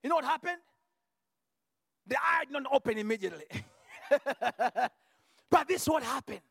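A man preaching a sermon and telling a healing testimony, shifting from quiet asides to fervent shouted declarations and repeating words as he restarts a phrase. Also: very high-pitched, animated, moderate pace, creaky, breathy edge, no room sound, studio quality, long reverb tail. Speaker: visiting preacher.

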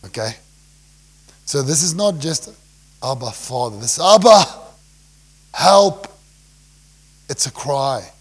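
A young South African pastor delivers a sermon, swinging from loud cries drawn from scripture to quiet, low asides.

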